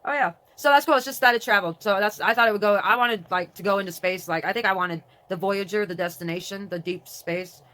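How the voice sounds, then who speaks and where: A grown-up vlogger who has an adult daughter chats casually and reads aloud from a website, rambling, cutting herself off, and veering between excitement and mourning. Her voice sits at medium pitch, and she talks quickly with few pauses.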